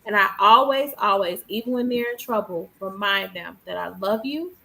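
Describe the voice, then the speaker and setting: A woman speaks on a casual podcast with firm conviction and a mid-range voice. She pushes her points with steady emphasis. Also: mid-range voice, moderate pace, gravelly, low-quality recording. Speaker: podcast co-host.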